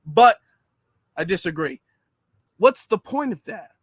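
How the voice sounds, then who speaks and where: A man giving casual, sarcastic commentary in an animated, mocking way. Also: sits high, unhurried, breathy edge, dry recording, studio quality.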